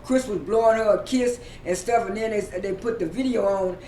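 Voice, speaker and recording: A man casually recapping a TV episode, halting often with fillers and repeating his words. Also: mellow. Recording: roomy echo, distant mic, faint rumble.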